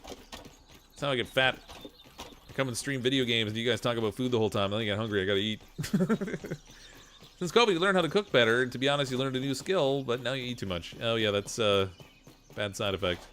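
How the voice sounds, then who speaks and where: A man in his forties with a slight Canadian accent, chatting casually while streaming a game, relaxed and chuckling, with many fillers. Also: medium pitch, brisk. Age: 40s. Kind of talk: casual gameplay stream chat.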